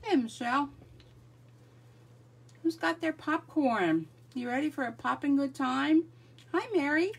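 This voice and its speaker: A woman's voice: sits high, expressive, unhurried, vocal fry, pauses often, distant mic. A middle-aged woman hosting a live crafting stream, chatting casually and greeting viewers by name. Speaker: livestream crafting host.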